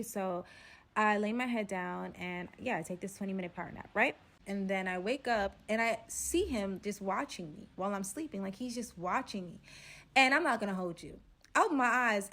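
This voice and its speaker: A woman telling a casual storytime, animated and quoting people in lively bursts. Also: medium pitch.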